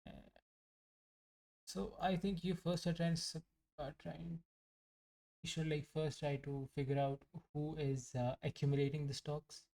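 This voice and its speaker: A man's voice: a little high, little pitch movement, unhurried, vocal fry, long pauses, warm tone. A young man casually reviewing his day trades, rambling, joking and poking fun at himself as he talks. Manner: rambling, joking and self-mocking. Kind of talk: casual live trading commentary.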